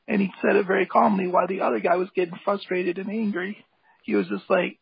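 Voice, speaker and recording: A man with a high voice and heavy vocal fry speaks casually, with plenty of filler words. His tone stays enthusiastic and rambling. The sound is dry and dull, like a lo-fi call recording. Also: steady tone, fast talker, no room sound. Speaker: guest, hip hop artist and graphic designer. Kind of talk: casual interview talk.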